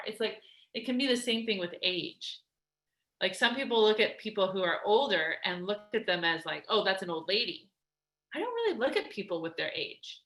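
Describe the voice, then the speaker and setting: A woman weight loss coach giving an energetic, emphatic motivational talk, chatty with lots of restarts. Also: medium pitch. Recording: roomy echo.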